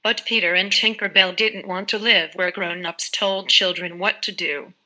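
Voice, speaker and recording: Brief: female narrator, scripted children's fairy tale, steady clear delivery, bright tone. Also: fairly low pitch, moderate pace, rough recording.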